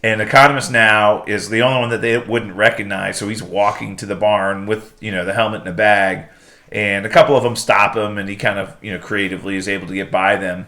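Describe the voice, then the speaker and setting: A man with a low voice co-hosts a casual podcast. He retells scenes in a lively way and acts out the characters' lines as he goes. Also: brisk. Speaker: podcast co-host. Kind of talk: casual chat.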